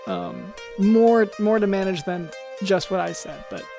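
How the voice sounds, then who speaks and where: A man's voice: high voice, measured pace, vocal fry. A man hosting a comedy podcast who reads medical facts in a plain, matter-of-fact way and jokes in between. Faint music plays behind him. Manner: reads medical text, then jokes around. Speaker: host posing as a doctor.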